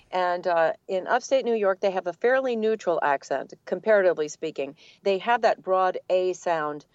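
An older woman, a voice actor from the Boston area with a neutral standard accent, telling her story in a relaxed, articulate interview. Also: fairly low pitch, dry recording, muffled recording. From Boston area, USA. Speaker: guest, voice actor. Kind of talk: casual interview answers.

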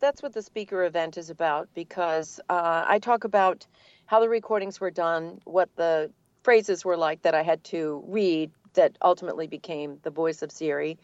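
Low-voiced older woman voice actor. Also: moderate pace, no echo, lo-fi sound. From Boston area, United States. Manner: articulate, relaxed storyteller with light laughs. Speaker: guest, voice actor. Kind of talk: conversational interview.

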